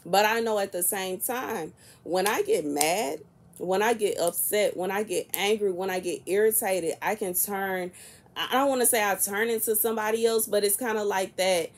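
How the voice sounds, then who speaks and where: A woman in her early thirties, talking casually to camera in a soft-spoken, chatty and rambling way. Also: mid-range voice, moderate pace. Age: 30s. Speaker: prophetic content creator.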